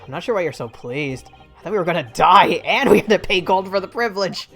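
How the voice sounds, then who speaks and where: A woman voicing a nervous young male lawyer from a game, in a lowered, subdued voice. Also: fairly even intonation, fairly quick, darkish tone, faint music behind. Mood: exasperated. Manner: low, subdued, anxious.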